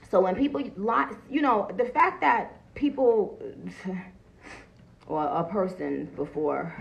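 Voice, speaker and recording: Gravelly New woman ranting on a livestream. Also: a little high, takes it slowly, rough recording. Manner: loud, profane and animated, greeting viewers between points. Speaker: livestream host. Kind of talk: casual livestream talk.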